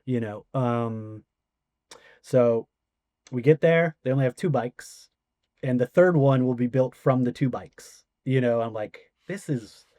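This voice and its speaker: Animated man telling a story, dry sound. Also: medium pitch, a little slow, no echo. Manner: animated retelling with quoted voices and swearing. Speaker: podcast guest. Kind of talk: casual storytelling.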